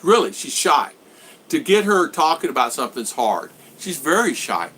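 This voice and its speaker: A man's voice: on the high side, sing-song, normal speed, bright, forceful tone, husky. A middle-aged American man hosting a casual live stream, rambling with fillers as he reads viewer comments aloud and chats back. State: recovering from a cold. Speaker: vlog host. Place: home in the Philippines.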